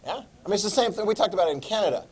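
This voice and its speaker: A man's voice: high-pitched, animated, rapid-fire, darkish tone, husky. Chatty male history teacher lecturing. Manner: chatty, asks the class questions. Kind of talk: classroom lecture.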